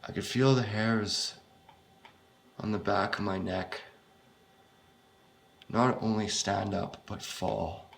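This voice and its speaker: A man reading his own first-person horror story aloud, in a halting, unpolished way with frequent swearing. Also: fairly low pitch, fairly even intonation, creaky, a little hiss or hum.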